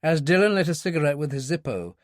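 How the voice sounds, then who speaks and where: A male audiobook narrator reading a thriller in a measured, descriptive way. His voice sits high and moves expressively. The sound is close and dry. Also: lively intonation, no echo. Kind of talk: scripted narration.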